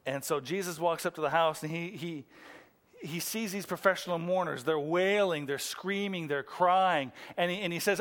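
A man preaching a sermon in a church, swinging from excited emphasis to hushed intensity. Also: sits high, moderate pace. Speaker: pastor. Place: church room.

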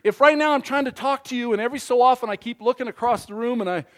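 Animated high-voiced male preacher. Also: fast talker. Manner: animated, interactive with congregation, acts out voices. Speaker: pastor. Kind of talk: sermon.

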